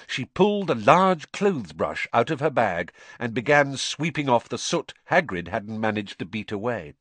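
A man reading an audiobook in an animated storytelling manner. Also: mid-range voice, a little slow, few pauses, dry recording. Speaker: audiobook narrator. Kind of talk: scripted narration.

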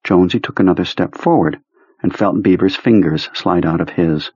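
Low husky guy reading a novel aloud, dry dull-sounding mic. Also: moderate pace, a little mellow, no echo. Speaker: narrator. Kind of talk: audiobook narration. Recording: dry, slightly muffled recording.

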